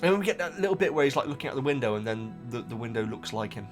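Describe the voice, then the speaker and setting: Animated, excitable man talking to viewers. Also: mid-range voice, rapid-fire, soft background music. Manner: chatty, talks straight to viewers, excitable. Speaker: channel host reacting to a book. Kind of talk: casual reaction vlog.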